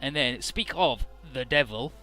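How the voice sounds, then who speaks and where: Host read: casual, profane game narrator, sharp bright tone, soft music bed. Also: male voice, medium pitch, unhurried. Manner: profane, offhand. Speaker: let's play host.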